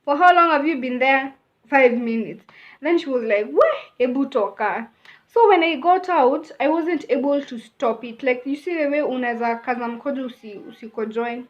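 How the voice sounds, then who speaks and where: Young Kenyan woman, vlogger, casual chatty storytime, high-ish voice, lo-fi muffled mic. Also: moderate pace. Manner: chatty, mixes in Swahili phrases.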